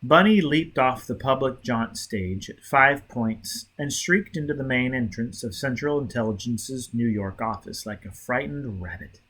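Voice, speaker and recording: Husky, expressive male audiobook reader. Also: mid-range voice, a little slow, hardly any pauses. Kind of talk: dramatic audiobook narration.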